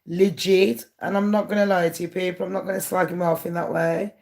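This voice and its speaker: A YouTuber with a lowish, creaky, darkish voice talks briskly in a level tone. Her casual monologue to camera is candid and aggrieved, aimed directly at her viewers.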